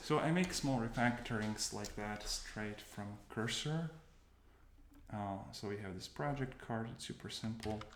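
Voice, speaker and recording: A man's voice: on the low side, unhurried. A man casually narrating his coding session. He thinks aloud, stops often and corrects himself. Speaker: developer demoing his coding workflow. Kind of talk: casual screencast commentary. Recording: roomy with noticeable background noise. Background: keyboard typing and mouse clicks.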